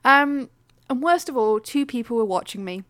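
A woman's voice: fairly high pitch, expressive, moderate pace, fairly bright tone, no echo. Bubbly woman, dry close sound. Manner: chatty, self-mocking storytelling with frequent laughs. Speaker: podcast co-host. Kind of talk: casual chat.

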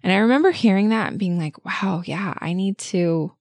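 A woman's voice: medium pitch, lively intonation, a little fast, darkish tone, no room sound. A woman co-hosting a podcast, telling a personal story in an earnest, enthusiastic way with lots of casual fillers. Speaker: podcast co-host.

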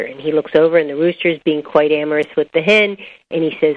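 A woman with a low-pitched voice explains her subject step by step as an interview guest, slipping into anecdotes as she goes. The recording sounds dull and lo-fi. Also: fairly quick. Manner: animated storyteller, explains step by step. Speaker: author and biology professor, guest.

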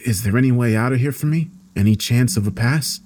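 A man's voice: mid-range voice, a little fast, darkish tone, faint music behind, voice pushed up, lightly acted. Guy doing a beaten condemned man, shaky and pleading, sounds totally defeated. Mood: resigned, pleading. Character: beaten, resigned condemned man facing death.

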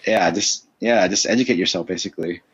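A young man talks in a low register, rambling through his points with plenty of fillers and blunt, profane asides. The recording is dull and lo-fi, with a dry, close sound. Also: brisk, breathy edge, no room sound. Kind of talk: casual conversation.

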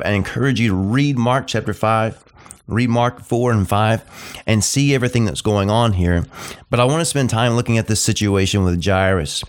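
A middle-aged man preaching a sermon, repeating short phrases and slowing down to stress key points. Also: fairly low pitch. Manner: emphatic, repetitive preaching cadence, slows down on key phrases.

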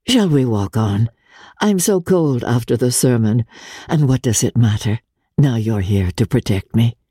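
A woman's voice: very deep voice, lively intonation, unhurried, mellow, husky, no room sound, studio quality, exaggerated voice. A woman reading as a wistful young countess. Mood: playful. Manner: lightly teasing, petulant. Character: elegant, wistful foreign-raised young countess.

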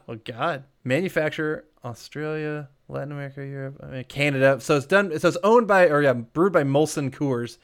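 A man co-hosting a podcast, recapping a film in casual chat, animated, with frequent laughs and rambling asides. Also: a little high, moderate pace, smooth. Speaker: podcast co-host.

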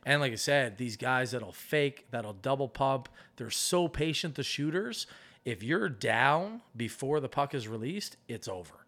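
A middle-aged man speaks in a relaxed interview, explaining his coaching with plenty of energy. His pitch moves around a lot, and he drops into acted-out voices when he retells arguments. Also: a little slow. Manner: animated explaining, acts out arguments. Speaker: goalie coach. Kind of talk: casual podcast interview.

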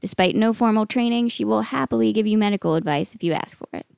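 A woman's voice: mid-range voice, fast talker, vocal fry, a little mellow, clean tone. A woman hosting a podcast in scripted narration, plain-spoken, wry and self-deprecating. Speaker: podcast host.

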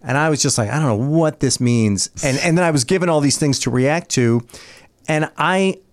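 A man's voice: on the high side, moderate pace. A man appearing as a guest on a comedy podcast, telling an anecdote with frequent laughs and self-mockery. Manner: laughing, self-deprecating storytelling. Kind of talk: casual comedy podcast chat.

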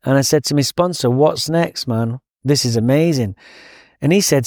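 Man, Manchester accent, swearing storyteller, mid-pitched, dry close sound. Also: brisk, no echo. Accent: Manchester English. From England. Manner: profane, animated storytelling, laughs often. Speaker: podcast guest. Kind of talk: recovery story, casual chat.

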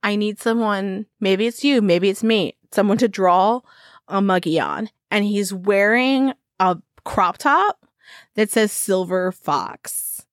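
A woman's voice: mid-range voice, takes it slowly, dry recording, clean studio sound. A woman co-hosting a casual podcast, playful and giggly, rambling through jokes. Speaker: podcast co-host. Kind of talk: casual chat.

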